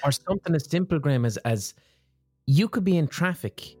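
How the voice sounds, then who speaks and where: A man's voice: fairly high pitch, expressive, a little fast, darkish tone, slightly rough, dry recording. A man hosting a podcast and asking his guest probing questions, with a mid-range voice. His voice is recorded dry and close. Faint music plays underneath. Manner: engaged, asks probing questions, agrees often. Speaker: podcast host. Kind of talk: casual interview chat.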